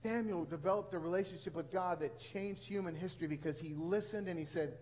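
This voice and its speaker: High-pitched male pastor preaching earnestly to his congregation. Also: fast talker, hardly any pauses, a little mellow, low-quality recording. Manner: earnest storytelling with rising emphasis. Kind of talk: sermon.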